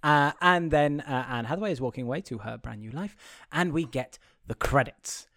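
A man's voice: a little high, moderate pace, sharp tone. Man with a raised voice, reviewing a film. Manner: rambling, restarts often, opinionated. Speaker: podcast co-host. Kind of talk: casual film review chat.

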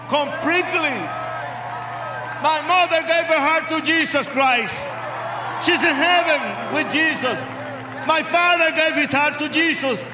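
An older man preaching a testimony sermon with English, impassioned and shouting at the peaks. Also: very high voice, background noise. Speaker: evangelist. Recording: roomy hall sound.

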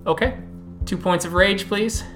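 A woman as storyteller, narrating a tabletop game in an unhurried, halting way. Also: medium pitch, steady tone, fairly bright tone, soft background music.

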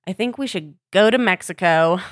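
A woman co-hosting a podcast, telling animated stories in casual chat, laughing often and acting out what others said. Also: medium pitch, moderate pace, no echo, studio quality. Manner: animated storytelling, laughs often, acts out quotes. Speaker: podcast co-host.

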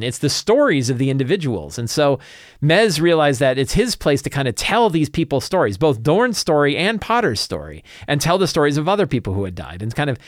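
A man's voice: a little high, dry recording. Rambling male game master, dry sound. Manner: rambling storyteller, many fillers and restarts. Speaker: game master and show host. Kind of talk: casual campaign recap.

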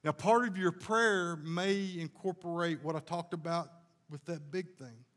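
A man's voice: on the high side, measured pace, fairly bright tone, in a large hall. A male pastor preaching a sermon in a folksy, conversational way, telling homey stories and sometimes restarting his sentences.

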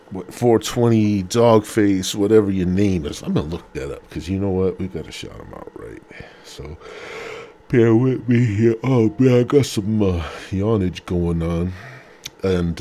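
A man's voice: low voice, a little mellow. A man hosting a solo podcast, rambling in a crude, profane, self-deprecating way with a faint hum behind him. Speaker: podcast host. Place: home room with a humming heater.

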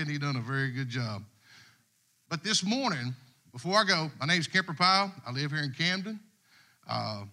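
A man's voice: fairly high pitch, sharp tone. A middle-aged man, preaching a casual, folksy sermon to a church congregation. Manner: folksy and conversational, Southern US dialect. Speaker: guest preacher. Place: church sanctuary.

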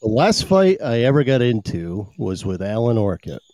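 Animated man telling stories on a podcast. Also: mid-range voice, normal speed, no echo. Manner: animated storyteller, laughs often. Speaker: podcast host. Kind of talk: casual chat.

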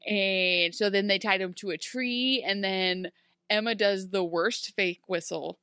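A woman in casual chat recapping a TV show, animated and laughing often, acting out characters in quick mock voices. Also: medium pitch, clear, resonant tone, no room sound, clean studio sound. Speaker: podcast co-host.

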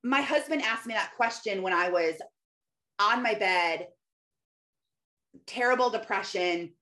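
A woman's voice: mid-range voice, a little slow, sharp tone. A woman in her thirties giving a casual, earnest faith-based encouragement talk, laughing often and quoting scripture. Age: 30s.

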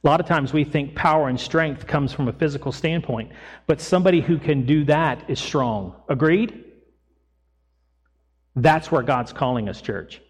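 A man preaching a sermon as pastor, retelling a Bible story in a lively storytelling way and voicing its people casually. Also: a little high, normal speed, husky. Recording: long echo of a church hall.

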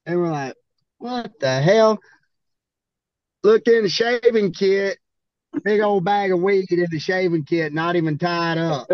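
Man, Southern accent, from Arkansas, high-pitched, profane storyteller, dry sound. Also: moderate pace, no echo, dull audio. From Arkansas, USA. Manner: profane, laid-back drawl, laughing storyteller. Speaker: podcast guest, bull rider. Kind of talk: casual storytelling.

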